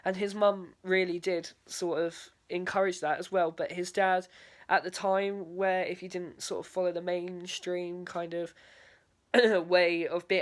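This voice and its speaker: Young woman, drama student, video diary, hesitant, fillers, lower pitch. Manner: hesitant, many fillers and "sort of".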